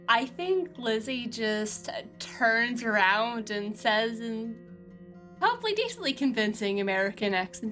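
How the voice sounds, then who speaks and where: A woman's voice: fairly high pitch, lively intonation, takes it slowly, bright, forceful tone, faint music behind. A woman playing a tabletop game, sheepish and laughing as she talks. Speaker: player. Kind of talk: casual tabletop game chat.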